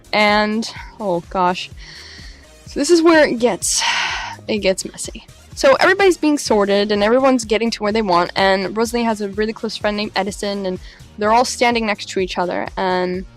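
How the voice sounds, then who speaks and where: A woman vlogger tells a story in a lively, dramatic way, speaking casually to her viewers. Her voice sits at a middle pitch. Faint music plays quietly behind her. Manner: animated, dramatic retelling with laughs. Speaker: LARP vlogger.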